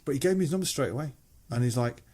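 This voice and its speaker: Very fast and animated, this middle-aged man from Manchester speaks in a mid-range, husky, darkish voice. A musician on as a guest, he spins casual anecdotes full of swearing and performed impressions of other people's voices.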